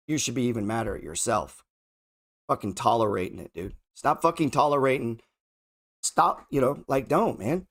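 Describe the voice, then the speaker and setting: A man's voice: mid-range voice, lively intonation, normal speed. A man talks his way through market charts in a loose, off-the-cuff way. He is heavily sarcastic and profane, thinking aloud as he goes. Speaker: trading show host. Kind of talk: casual market commentary while scrolling charts.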